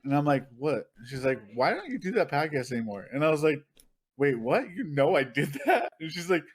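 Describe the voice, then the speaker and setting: A man's voice: on the high side, big pitch swings, brisk, slightly rough. A man co-hosting a casual podcast, telling a story with lots of swearing and acting out what other people said. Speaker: podcast co-host. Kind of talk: casual chat.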